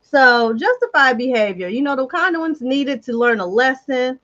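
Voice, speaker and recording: A woman hosting a casual chat show, animated and chatty, talking straight to her viewers. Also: high voice, normal speed, highs cut off. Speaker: host.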